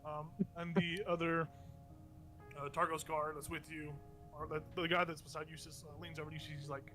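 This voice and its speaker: A man's voice: on the high side, flat delivery, moderate pace, sharp tone, soft background music. A man running a tabletop game as game master, narrating in a loose, rambling way and laughing often.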